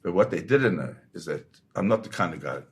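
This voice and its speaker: An older man with a fairly low voice tells a tense story from his days as a war photographer. He speaks with vivid, halting restarts as a guest in an interview. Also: expressive, vocal fry.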